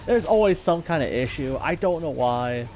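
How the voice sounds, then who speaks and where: A man's voice: a little high, expressive, moderate pace, a little mellow, slight background noise. A man telling a casual story-time monologue about his online gaming groups, rambling and laid-back with lots of fillers and laughs. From United States.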